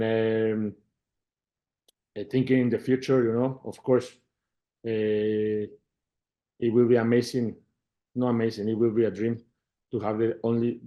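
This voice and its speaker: A middle-aged football manager with a Mexican Spanish accent answers interview questions in halting English, his voice fairly low. He repeats words and grows animated when retelling conversations.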